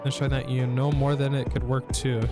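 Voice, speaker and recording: A gameplay streamer with a mid-range voice and flat, brisk delivery reads a narrative game's text aloud, laughing and swearing often. Guitar music plays in the background.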